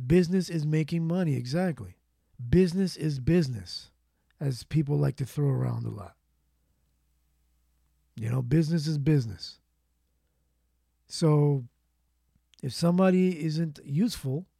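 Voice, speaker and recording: A man's voice: fairly high pitch, creaky, mellow, no room sound, clean studio sound. A man hosting his own show, talking casually and at length about work, rambling, correcting himself and giving blunt opinions. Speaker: podcast host. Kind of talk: casual solo talk.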